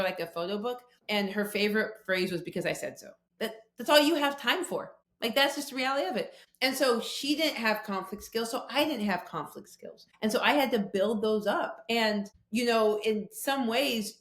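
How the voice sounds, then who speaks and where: Woman talking conflict on a podcast, lively stories, mid pitch, bit of room echo. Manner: animated storytelling with quoted voices. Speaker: guest speaker on conflict. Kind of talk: conversational podcast interview.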